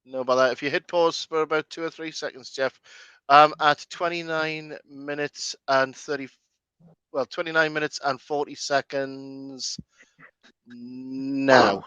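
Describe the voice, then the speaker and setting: Bright, clear-voiced man hosting. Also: medium pitch, little pitch movement, unhurried, no echo, highs cut off. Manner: chatty, explains film trivia at length. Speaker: host. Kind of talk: casual movie commentary.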